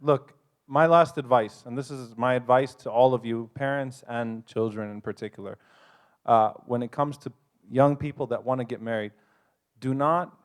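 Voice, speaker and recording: Earnest male panelist giving advice. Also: mid-range voice. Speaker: convention panel speaker. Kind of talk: advice talk.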